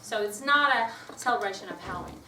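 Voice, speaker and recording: A woman music teacher runs a hands-on workshop before an audience, calling out rhythm commands and explaining things to the group in a chatty way. Her medium-pitched voice is expressive, sharp, and fast. The echoey room captures her from a distance, with slight background noise.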